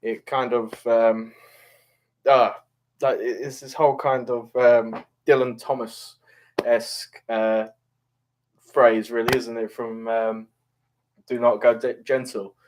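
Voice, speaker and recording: A man's voice: medium pitch, level tone, slow, long pauses. A man casually talking about a play he just read, hesitant and rambling with many fillers but enthusiastic. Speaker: reader discussing Shakespeare. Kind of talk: casual spoken commentary.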